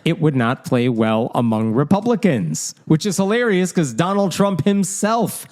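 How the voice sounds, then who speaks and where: A man's voice: on the high side, animated, a little slow, a little mellow. A man co-hosting a casual podcast, wry, reading out quotes and commenting on them. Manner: wry, reads quotes aloud. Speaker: podcast co-host. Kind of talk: casual chat.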